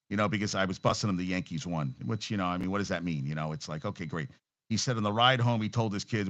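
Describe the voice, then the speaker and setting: A man's voice: medium pitch, a bit bright, dry recording. Profane, blunt man ranting about sports. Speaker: sports talk host. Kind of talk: casual sports rant.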